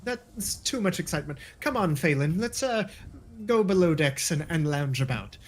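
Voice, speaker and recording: A man doing a cautious woman calming a kid. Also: a little high, moderate pace, close to an everyday voice. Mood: firm.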